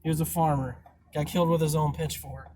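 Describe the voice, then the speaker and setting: A man's voice: fairly high pitch, fairly even intonation, brisk, mellow. A man hosting a podcast while driving food deliveries, chatting casually, swearing freely and trailing off mid-thought. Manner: laid-back, swears freely, trails off often. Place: in a car. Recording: car recording with clear road noise.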